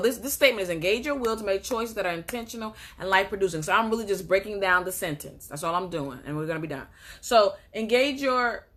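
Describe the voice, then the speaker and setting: Bright-voiced woman coaching emphatically. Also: mid-range voice. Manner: repetitive, emphatic, asks rhetorical questions. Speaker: life coach. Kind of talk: motivational coaching talk.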